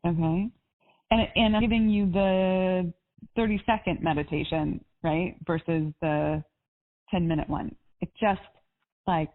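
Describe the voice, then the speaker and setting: A woman's voice: fairly low pitch, steady tone, measured pace. A woman life coach on a coaching call, talking in an upbeat, encouraging and spiritual way. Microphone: phone or call line. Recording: tinny phone-line audio.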